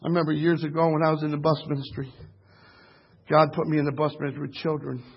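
A man preaching a sermon with great passion, shouting at the peaks of his story and dropping to a hushed tone in between. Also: fairly high pitch, flat delivery, fast talker, creaky, breathy edge, muffled recording.

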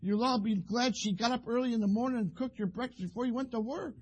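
A preacher delivers a rambling, folksy sermon, slipping into acting out husbands and wives. His voice sits high for a man, husky and slightly breathy yet a little mellow, and he talks fast.

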